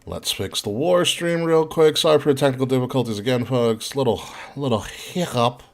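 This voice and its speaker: A man hosting a live-stream podcast, relaxed, muttering to himself while fixing technical problems. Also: medium pitch, moderate pace. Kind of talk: casual live-stream chat.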